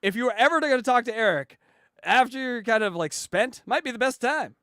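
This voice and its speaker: A man's voice: very high voice, expressive, brisk, bright, forceful tone, no room sound, clean studio sound. A man co-hosting a podcast, cracking crude jokes in casual chat. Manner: crude joking. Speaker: podcast co-host.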